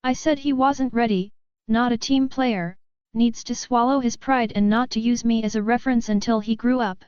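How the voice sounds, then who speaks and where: A woman reading online stories aloud as the show's narrator, in an even, steady read-aloud delivery. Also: fairly high pitch, clear, resonant tone, no echo, lo-fi sound. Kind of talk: scripted story narration.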